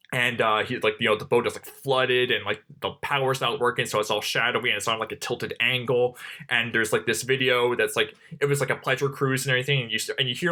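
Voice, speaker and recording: A man's voice: lowish voice, bright, forceful tone. A man co-hosting a podcast, talking through a film in a loose, rambling way full of "like" fillers. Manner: rambling, heavy use of "like" fillers. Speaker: podcast co-host. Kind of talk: casual film discussion.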